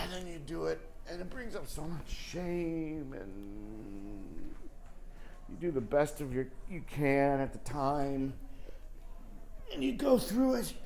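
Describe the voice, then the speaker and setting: A man's voice: on the high side, vocal fry. A man performing a confessional stage monologue, earnest and emotional as he speaks to his late mother, tearful at times.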